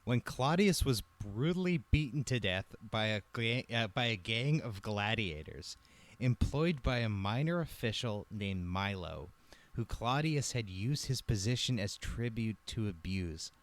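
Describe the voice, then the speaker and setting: A man telling a comedic history story on a podcast, wry and profane, with lively delivery. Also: lowish voice, unhurried.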